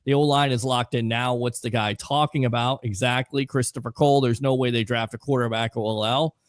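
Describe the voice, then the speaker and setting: A man's voice: medium pitch, steady tone, fairly quick, dry recording. A man hosting a casual live sports talk show, reading out viewer comments in a chatty way with frequent fillers.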